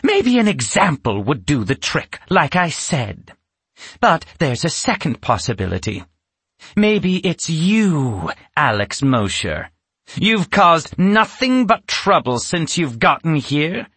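A man putting on a shrill, cruel witch. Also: sing-song, takes it slowly, a bit bright, breathy edge, dry recording, exaggerated voice. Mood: contemptuous. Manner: snapping, menacing, bursts into screams. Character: cruel, spiteful female witch who keeps children. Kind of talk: storybook reading.

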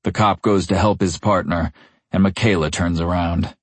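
A young man reads a first-person novel with gritty intensity. His voice is very deep and husky, recorded close and dry with no room sound. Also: fairly even intonation, normal speed, dry recording. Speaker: audiobook narrator.

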